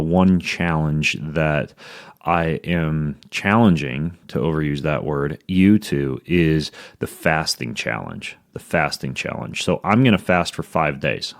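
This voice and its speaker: A man's voice: a bass voice, measured pace, no room sound. A man hosting his own podcast, talking in an upbeat, rambling way with plenty of fillers as he reads his intro and sponsor notes from a home studio. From United States. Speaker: podcast host.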